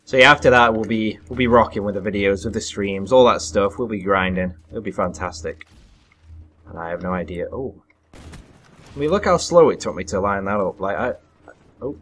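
A young man giving live commentary over his own gameplay, excitable and self-deprecating, breaking into sudden loud yelps. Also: lowish voice, moderate pace, slight background noise. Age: young adult. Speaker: gaming commentator.

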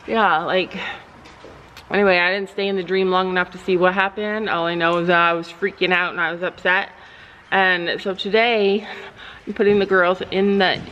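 A woman chatting to the camera in a casual vlog, her voice sitting at an ordinary middle pitch. She tells stories in a loose, rambling way and often restarts her sentences. When she turns to her animals, she lifts into a high, sing-song tone. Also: a bit bright, lo-fi sound, slight background noise. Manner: rambling storytelling with frequent restarts. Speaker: vlogger and horse owner.

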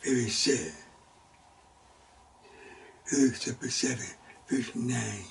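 A man teaches a Sunday school Bible lesson at a slow, deliberate pace. His voice is gravelly, and his speech comes in halting fragments broken by sudden loud exclamations. He sounds set back from the microphone in a church classroom. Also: mid-range voice, far from the mic, slight background noise.

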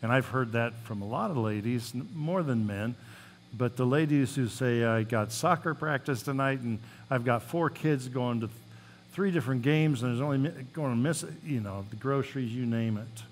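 A man's voice: medium pitch, normal speed, slight background noise. A male pastor giving a sermon, reading scripture aloud with rising emphasis and telling folksy stories between the passages. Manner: reads scripture with rising emphasis, then talks plainly; folksy storytelling asides.

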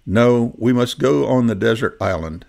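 A man reading the part of a firm, adventurous old male rabbit gentleman in a storybook, in a plain reading voice. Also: mid-range voice, normal speed, creaky, close to an everyday voice.

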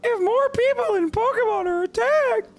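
A man putting on a shrill fantasy warden. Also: normal speed, faint music behind. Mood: urgent. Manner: squeaky exaggerated falsetto reading. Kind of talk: reading game dialogue aloud in a voice.

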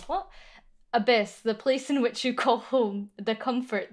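Young woman streamer, chatty and jumpy, swears a lot, slightly high voice. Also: slow pace, darkish tone. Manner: jumpy and easily flustered. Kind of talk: casual livestream chat.

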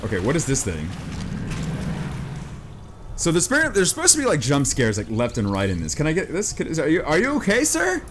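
Man, horror game commentary, very lively swooping pitch, jumpy and excitable, noisy recording. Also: brisk, long pauses. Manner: jumpy and excitable, lots of repeated exclamations. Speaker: gameplay commentator.

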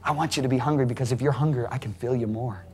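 A man preaching a sermon to a congregation, emphatic and rising to near shouting at high points. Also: rapid-fire, very noisy. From United States. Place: large church hall. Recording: live sermon in a reverberant hall.

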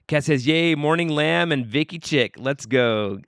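A man's voice: a little high, a little slow, dry recording, studio quality. Upbeat man reading viewer comments live. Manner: reads viewer comments aloud, warm upbeat greetings; earnest prayer. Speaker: livestream host. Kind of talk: morning show chat and prayer.

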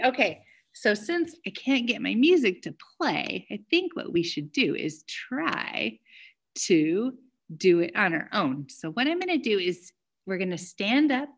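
A young woman who is a children's librarian, hosting a story time and cheerfully encouraging young kids. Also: mid-range voice.

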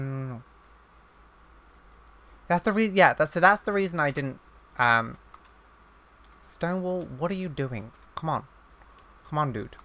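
A man's voice: on the high side, pushed and bright. A man giving casual let's-play commentary on his own gameplay, chatty and easily flustered, exclaiming again and again when things go wrong. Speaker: gaming YouTuber.

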